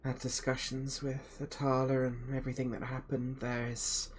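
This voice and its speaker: A man's voice: mid-range voice, completely flat delivery, slight background noise, natural voice. A man playing an earnest pious adventurer. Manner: measured, slow, hesitant.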